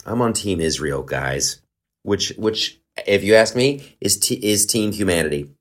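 A man's voice: lowish voice, animated, measured pace. A man hosting a comedy podcast in a rambling, joking monologue full of asides. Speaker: podcast host. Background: faint guitar.

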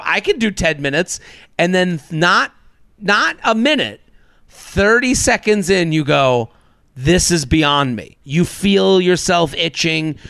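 Gravelly-voiced man, animated comic storyteller. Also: no room sound, studio quality. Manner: animated storyteller, jumps up in pitch when acting out people. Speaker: podcast host. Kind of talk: casual comedic complaint chat. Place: New York City.

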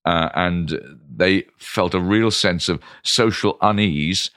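Animated, low-voiced man. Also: slow pace, no room sound, studio quality. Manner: animated, enthusiastic, acts out voices, jumps high in pitch. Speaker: wine expert and former TV presenter. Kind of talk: interview storytelling.

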